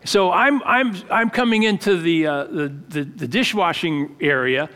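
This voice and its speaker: A man pastor giving a conversational sermon, halting with fillers and restarts. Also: high-pitched, sharp tone, in a large hall.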